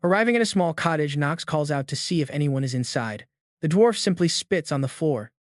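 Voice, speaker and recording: A man narrating a fantasy comic recap in an even, steady scripted reading. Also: a little high, brisk, no echo, clean studio sound.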